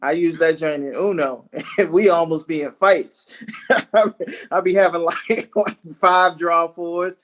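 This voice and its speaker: An easygoing young adult man with a slightly raised pitch co-hosts a laid-back podcast. He tells stories in relaxed casual chat and chuckles as he goes. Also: slow. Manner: easygoing, chuckles between lines. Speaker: podcast co-host.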